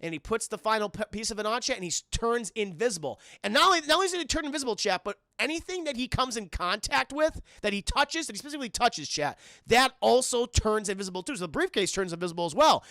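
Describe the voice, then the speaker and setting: Excitable, profane male streamer. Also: sits high, fast talker, hardly any pauses, dry recording. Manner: excitable, profane, keeps addressing chat. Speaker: streamer reviewing a cartoon. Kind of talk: live-streamed episode recap.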